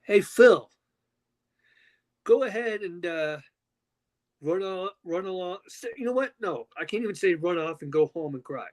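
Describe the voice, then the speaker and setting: Man, high voice, very lively pitch, loud profane rant, podcast co-host. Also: normal speed, low-quality recording. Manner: loud, profane, animated ranting. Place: at home with his dog.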